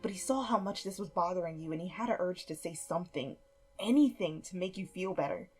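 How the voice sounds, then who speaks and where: Breathy woman narrating a story. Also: on the low side, animated, a little fast, a little mellow. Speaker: fan fiction reader. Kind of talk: second-person story narration.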